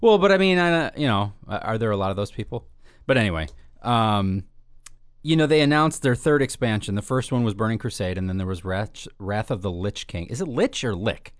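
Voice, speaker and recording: A man's voice: fairly low pitch, lively intonation, brisk, clear, resonant tone, no room sound, studio quality. A man co-hosting a casual podcast, rambling and playful with lots of fillers and restarts. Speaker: podcast co-host.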